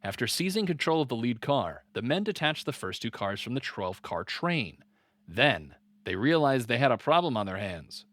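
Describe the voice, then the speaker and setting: A man's voice: medium pitch, sing-song, fairly bright tone, no room sound. A man co-hosting a true-crime podcast, reading the case aloud and often breaking off to joke and laugh. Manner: reads story notes quickly, breaks off to joke and laugh. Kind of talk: casual comedy podcast chat and reading.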